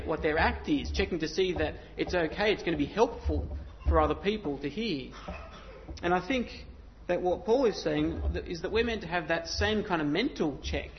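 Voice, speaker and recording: A man preaching a sermon in church, talking in a conversational way with self-deprecating asides. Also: fairly high pitch. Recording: slightly dull sound with faint noise.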